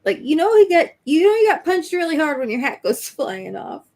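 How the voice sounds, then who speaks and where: A woman's voice: high-pitched, sing-song, a little fast, darkish tone. A woman co-hosting a casual livestream chat, giving thoughtful and detailed comments on artwork.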